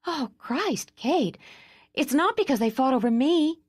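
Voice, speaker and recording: A woman's voice: high voice, animated, measured pace, dry recording, studio quality, pitched above the performer's own voice. A woman voicing a fiery, impulsive young woman who is worn out from travel, talking in an urgent, demanding way. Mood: alarmed.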